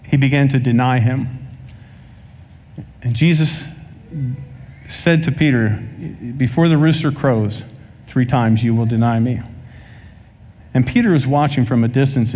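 A man preaching a sermon to a congregation, telling stories and acting out the people in them with lively energy. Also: mid-range voice, a little slow, long pauses. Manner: animated preaching, acts out dialogue in anecdotes. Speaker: pastor. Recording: long hall reverb.

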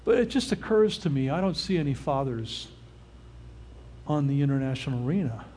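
A man's voice: mid-range voice, lively intonation, a little fast, darkish tone. An older man preaching a casual, conversational sermon who often stops to check in with his listeners. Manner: informal, often checks in with the audience. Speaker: pastor.

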